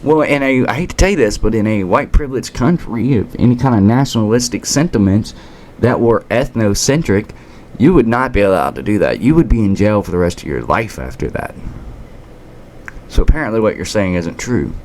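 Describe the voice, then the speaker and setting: A man's voice: lowish voice, animated, brisk, a little mellow, a little hiss or hum. A man from the United States hosting a political commentary rant, combative and sarcastic, now and then stumbling over words and restarting. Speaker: commentary channel host.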